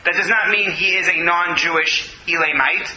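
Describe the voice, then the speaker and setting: Bright, high-voiced man teaching a text class. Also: steady tone, normal speed, a little hiss or hum. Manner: reads Hebrew verses then translates, explains and takes questions. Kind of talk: text study lecture with questions. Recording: dull, roomy classroom audio.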